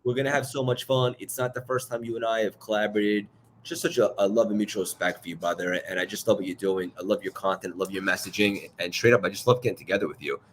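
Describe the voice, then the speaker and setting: A man's voice: on the low side, fast talker, slight background noise. A man with a New York accent hosting a live podcast, introducing his guest with effusive hype. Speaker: podcast host.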